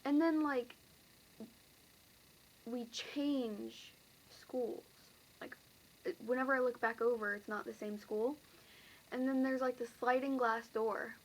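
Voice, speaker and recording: A woman's voice: on the high side, fairly even intonation, takes it slowly, pauses often, low-quality recording. A teenage girl casually recounting a dream to camera, rambling and full of fillers. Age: teens. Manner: rambling, filler-heavy, breathless retelling.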